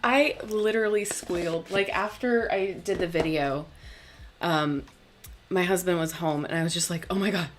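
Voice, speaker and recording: A young woman hosting a tarot live stream, talking casually and bubbly, laughing often and filling pauses with "um". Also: fairly low pitch, steady tone, slight background noise. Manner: chatty, bubbly, laughs often, many fillers. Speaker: tarot channel host.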